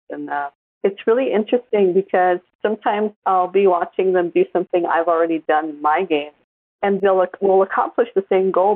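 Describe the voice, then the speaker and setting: A woman in her forties, a podcast co-host, chatting casually and telling animated stories. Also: on the low side, gravelly, dry recording. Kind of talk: casual chat. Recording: tinny phone-like line.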